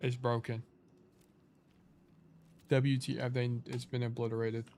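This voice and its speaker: A man at an ordinary middle pitch talks through a game replay like a relaxed coach on a live stream. He thinks out loud, trails off and corrects himself mid-sentence. A faint hiss sits under his voice. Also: a little slow. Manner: laid-back, sleepy.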